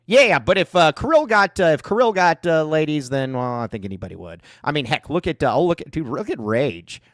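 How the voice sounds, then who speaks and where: Male podcast host, animated pitch, dry close sound, rambling jokey chatter. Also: brisk, dry recording. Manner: rambling, joking, many fillers. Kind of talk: casual sports podcast chat.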